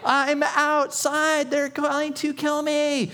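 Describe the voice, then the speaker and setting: A man's voice: extremely high pitch, monotone, slow pace, bright, forceful tone, pitched above the performer's own voice, exaggerated voice. A man voicing a panicked male apostle who has just escaped from prison, yelping and pleading frantically.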